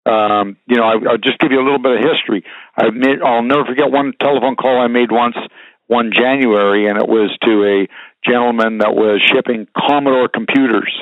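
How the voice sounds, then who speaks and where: A man's voice: medium pitch, fairly even intonation, brisk, dry recording. A frank, folksy older man who rambles through trucking advice and old stories, filler words and all. His voice comes through thin and phone-like. The sound is dry, with no room around it. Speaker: guest, trucking business veteran. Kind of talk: casual advice and storytelling.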